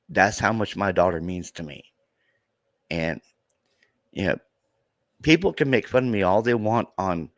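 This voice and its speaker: A man in his thirties talking in a halting, emotional way in a podcast conversation, near tears and repeating himself. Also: lowish voice, no room sound, studio quality. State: tearful. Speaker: true crime content creator.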